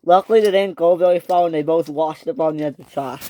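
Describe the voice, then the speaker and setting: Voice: mid-range voice, fast, dark tone, dry recording. A narrator telling a toy train story in a dramatic storytelling style, switching into character voices. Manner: dramatic, breaks into character voices and sound effects.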